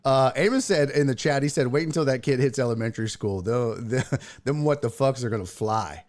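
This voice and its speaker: A man's voice: medium pitch, a little fast, a little mellow. A man hosting a casual chat show, a stand-up comic who laughs often and swears freely. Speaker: host; stand-up comedian.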